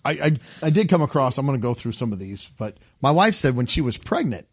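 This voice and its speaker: A man's voice: mid-range voice, quick pace, husky, no echo. A man chatting casually on a podcast, telling stories with laughter and acted-out voices. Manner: animated storyteller, acts out voices with laughs. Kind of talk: casual chat.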